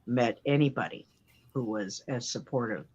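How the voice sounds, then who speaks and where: A woman's voice: extremely low pitch, moderate pace, slightly rough, muffled recording. A woman telling a playful anecdote about her mother, acting out the voices of the people in it. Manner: playful, lively storyteller who acts out voices. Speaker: guest storyteller. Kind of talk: animated anecdote.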